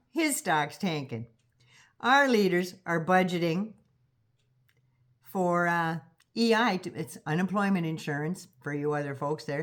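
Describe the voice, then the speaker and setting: A woman's voice: on the high side, a bit bright. An older woman with a Canadian accent ranting on her vlog, profane, sarcastic and mocking. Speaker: vlogger.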